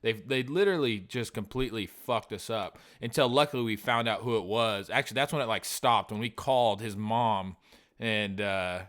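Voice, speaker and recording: A man co-hosting a podcast chats casually, rambling, swearing often and acting out old conversations. His voice is on the low side and fairly bright, at a normal speed.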